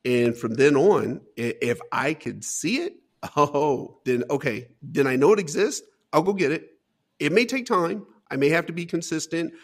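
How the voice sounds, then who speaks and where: A man's voice: a little high, lively intonation, moderate pace, slightly rough. A man as an interview guest, telling a personal life story in an earnest, emphatic way with frequent "man" asides.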